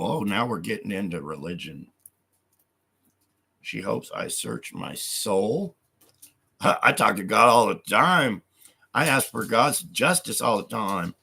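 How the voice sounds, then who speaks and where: A man's voice: lowish voice, creaky, sharp tone, slightly rough. A man on a live stream who reads hostile comments aloud and answers them in an angry, profane rant, speaking of God with heavy conviction.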